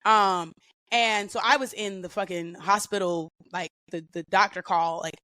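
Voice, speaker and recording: A woman guest on a podcast, telling stories in a casual, profane and animated way with lots of slang. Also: mid-range voice, moderate pace, dry recording. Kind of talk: casual storytelling.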